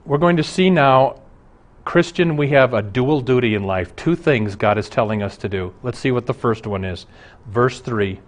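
A man's voice: mid-range voice, normal speed. A middle-aged male pastor delivering a broadcast sermon, earnest and emphatic, his intensity rising and falling.

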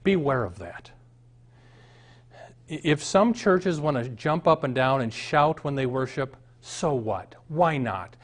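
A man's voice: medium pitch, big pitch swings, takes it slowly. A middle-aged man from the American Midwest, a pastor preaching a sermon, moving from a read-aloud passage to emphatic, rising points.

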